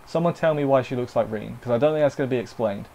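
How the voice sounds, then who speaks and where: A man's voice: mid-range voice, fast, dark tone. A man giving a casual, unscripted anime review, rambling with jokey asides and correcting himself as he goes.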